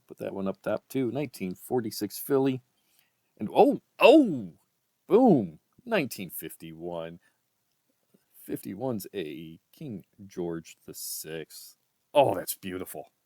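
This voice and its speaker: A man vlogging a coin roll hunt, reading out dates one by one in a casual murmur and breaking into excited exclamations. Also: lowish voice, dry recording. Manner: reads dates aloud one by one, often quietly, with excited exclamations. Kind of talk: casual commentary while sorting coins.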